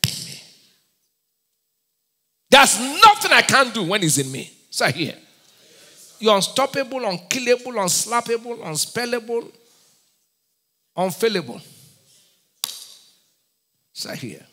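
A man with a Nigerian accent preaching a sermon, firing call-and-response questions at his congregation and breaking into sudden shouts. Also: high-pitched, big pitch swings, a little slow, pauses often, big-room sound. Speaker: pastor.

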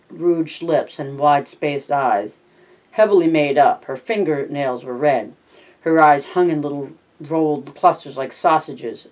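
Casting note: steady, plain audiobook narrator. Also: mid-range voice, poor audio. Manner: steady, plain, with small slips. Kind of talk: audiobook reading.

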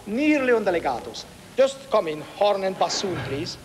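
Conductor, Hungarian accent, very high and lively, sings phrases at players; long hall reverb. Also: male voice, normal speed, over music. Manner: emphatic, singing syllables. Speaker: conductor in rehearsal. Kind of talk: rehearsal instruction, sung phrases.

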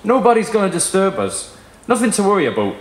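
A man's voice: sits high, sing-song, quick pace, slight background noise, pitched above the performer's own voice. A man voicing a wiry, sunburned man with a Canadian accent who coaxes a woman to join him for a drink. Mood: coaxing. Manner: coaxing, encouraging. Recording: echoey room at a live reading.

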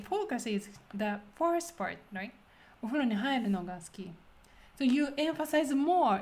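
A woman with a Japanese accent hosting a casual language lesson, talking quickly and laughing often. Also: fairly high pitch. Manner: quick, laughing, switches between English and Japanese. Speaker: Japanese teacher host.

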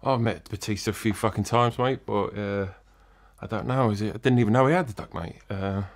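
A man's voice: lowish voice, steady tone, fairly quick, lightly acted. A man playing a crude, swaggering old-school British wrestling legend, swearing constantly as an interview guest. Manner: swears constantly, cocky geezer bravado.

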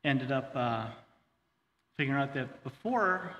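Halting middle-aged man in a church hall. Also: medium pitch, animated, a bit bright, highs cut off. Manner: halting, full of fillers and restarts; earnest, says he gets choked up. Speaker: guest speaker sharing his testimony. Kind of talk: personal testimony talk. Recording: long hall reverb, faint ambience.

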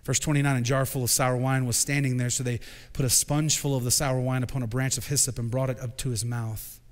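Male pastor, sermon, swells from hush to shouting, long church-hall reverb. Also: medium pitch, flat delivery, fairly quick. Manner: builds from quiet to shouting proclamation. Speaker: senior pastor. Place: church sanctuary.

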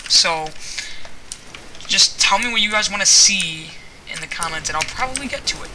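A man with a high voice gives casual gameplay commentary at his computer and rambles through plenty of ums and likes. His loud mechanical keyboard clatters clearly under every sentence. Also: animated, moderate pace, background noise. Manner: rambling, filler-heavy chat while reacting to the game. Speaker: gaming channel host.

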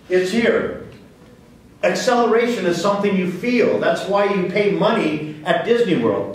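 A man's voice: high-pitched, distant mic. A man giving a physics lecture to a class, asking questions and answering them himself. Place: lecture hall. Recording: very echoey hall, voice from off-mic.

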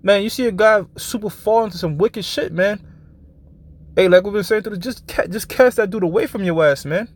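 A man hosting a live show, preaching informally. He is blunt and profane, keeps checking in with his listeners, and slows down to read scripture passages. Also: high voice.

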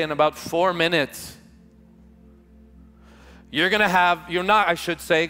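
A man's voice: high voice, sharp tone, clear, resonant tone. Impassioned preacher man in a reverberant hall. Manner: impassioned, emphatic preaching with dramatic slowdowns. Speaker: pastor. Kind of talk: revival sermon. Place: large church hall with music behind. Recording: live church hall reverb.

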